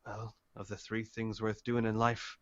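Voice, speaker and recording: A man's voice: fairly low pitch, monotone, a little slow, voice pushed down, natural voice. A man voicing a jolly, boastful old man in his sixties, with a hearty manner, on dull lo-fi audio. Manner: hearty, boastful, solemn nods.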